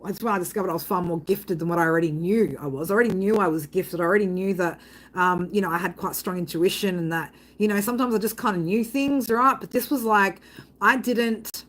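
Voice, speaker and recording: A woman's voice: medium pitch, a little fast. A woman, a psychic tarot reader, telling a story to her viewers in a rambling, blunt way, swearing freely and tagging lines with "right?".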